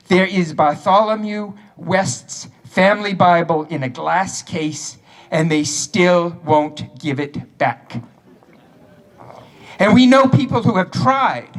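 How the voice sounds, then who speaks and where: A man with a high voice and a New England accent tells a town's history story to a crowd. His delivery is lively, with dry humor slipped in between the facts. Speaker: local history speaker. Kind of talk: storytelling speech at a town ceremony.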